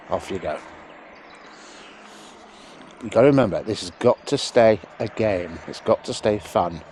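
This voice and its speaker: A man training a sheepdog out in a sheep field, calmly explaining each step and breaking off to call the dog in a high, loud voice. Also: slight background noise. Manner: relaxed explaining, broken by high shouted calls to the dog. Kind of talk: outdoor training demonstration with commentary.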